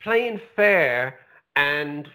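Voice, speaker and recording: Brief: man, casual football podcast, swearing ranter, lively pitch swings. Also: very slow, smooth. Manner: animated, swearing, ranting. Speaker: podcast co-host.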